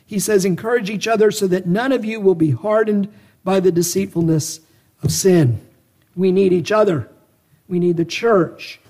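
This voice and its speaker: A man's voice: sits high, normal speed, dark tone. A man preaching a sermon, pressing his listeners with a string of searching rhetorical questions and earnest exhortations.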